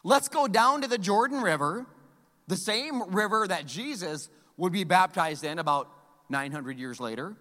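A middle-aged man preaching a sermon as pastor, telling a story with animated delivery and acted-out voices. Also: high voice, normal speed. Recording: hall reverb.

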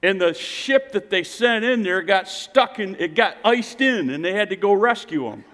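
Male pastor, sermon, slightly high voice, big echoing hall; alternates loud emphatic calls with hushed low asides. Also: expressive, moderate pace. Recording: reverberant hall.

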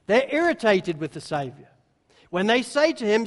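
A man preaching a sermon, now and then acting out the disciples' words in quick little voices. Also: high-pitched, animated. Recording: long hall reverb.

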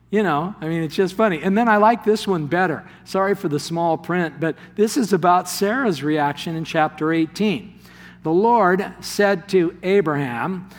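A man preaching a sermon as pastor, animated and laughing often as he retells the story. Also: fairly high pitch, normal speed. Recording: long hall reverb.

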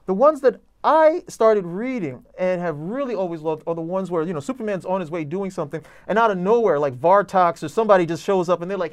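A man's voice: sits high, expressive, fairly quick, few pauses. A man reviewing comic books in casual chat, enthusiastic and rambling with lots of fillers.

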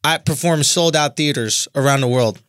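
A man's voice: medium pitch, moderate pace, fairly bright tone, no room sound, studio quality. A male comedian in a casual podcast talk, persuasive and arguing his point. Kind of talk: casual chat.

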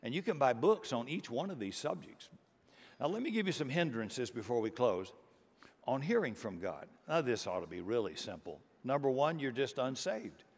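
A middle-aged male pastor preaching with earnest conviction, his voice sitting at an ordinary middle pitch. He pushes into emphatic bursts now and then, and the sound rings out with a long hall reverb. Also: sing-song, normal speed. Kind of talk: sermon.

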